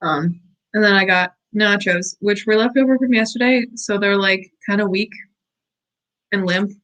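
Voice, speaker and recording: The recording is rough, but this medium-pitched woman keeps a moderate pace as she runs a work-along stream at her home desk. She talks to viewers in a casual, cheerful way, with small excited squeals.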